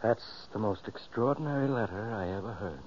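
A man playing a puzzled, measured doctor. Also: on the low side, a little mellow, a little hiss or hum, natural voice. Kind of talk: 1940s radio acting. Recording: muffled old radio recording.

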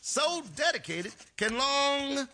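A man's voice: very high-pitched, sing-song, slow pace, bright, forceful tone, exaggerated voice. A man acting a chatty, folksy helper in a comedy radio sketch, breezy in manner.

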